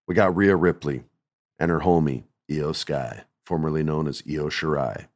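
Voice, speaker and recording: A man hosting a casual wrestling podcast, joking and telling animated stories. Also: very deep voice, moderate pace. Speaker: podcast host.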